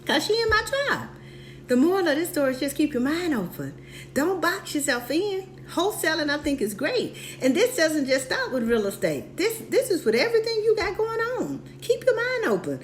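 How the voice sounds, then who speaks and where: A woman's voice: very high-pitched, normal speed, slight background noise. A woman talking as a real estate mentor in a motivational live-stream chat. She tells stories with energy, acts out both sides of conversations and hammers home her point through repetition. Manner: animated storytelling, repeats key points.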